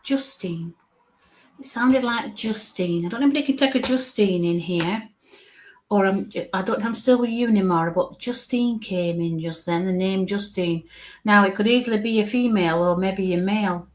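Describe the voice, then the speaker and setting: A woman's voice: medium pitch, normal speed, slight background noise. A woman from northern England with a Northern English accent, giving live spirit readings in a chatty, reassuring way, often repeating "okay" and "bless you".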